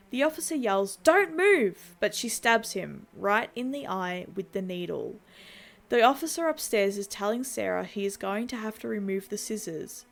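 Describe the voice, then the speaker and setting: A woman at a middling pitch reads out a horror film recap scene by scene. She keeps the plot moving in a scripted way and slips in dry, wry little asides. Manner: wry asides between plain plot retelling. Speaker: horror channel host.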